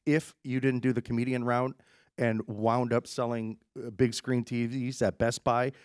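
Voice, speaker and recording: A male radio host interviewing a comedian, chatty and quick to laugh and jump in. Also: medium pitch, little pitch movement, clear, resonant tone, dry recording, studio quality.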